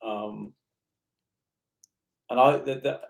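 A man's voice: medium pitch, steady tone, very slow, vocal fry. A man, co-hosting a podcast and telling a story in casual chat, hesitant with many restarts. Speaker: podcast co-host.

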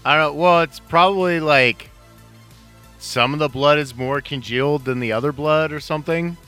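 Bright-voiced man chatting casually. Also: fairly high pitch, normal speed, soft background music. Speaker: podcast co-host. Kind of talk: casual chat.

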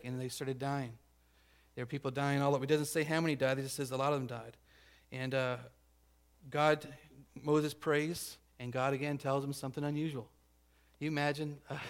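A pastor preaching a conversational sermon, checking in with the congregation and acting out the grumbling crowd. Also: male voice, medium pitch. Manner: acts out grumbling crowd voices.

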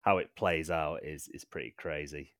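A man's voice: very deep voice, fairly even intonation, moderate pace, fairly bright tone, no room sound, clean studio sound. A man hosting a casual film-panel podcast, laughing readily as he steers the chat. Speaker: podcast host.

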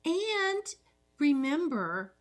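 A woman's voice: high-pitched, very animated, very slow. A woman co-hosting a casual chat, adding wry asides and reactions while recapping a story. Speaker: podcast co-host.

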